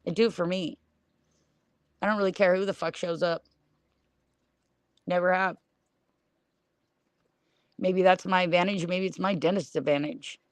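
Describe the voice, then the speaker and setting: A woman's voice: lowish voice, fairly even intonation, unhurried, long pauses, dry recording. A middle-aged woman streaming a blunt, scornful rant, swearing in nearly every sentence. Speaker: livestreamer. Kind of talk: profane livestream rant.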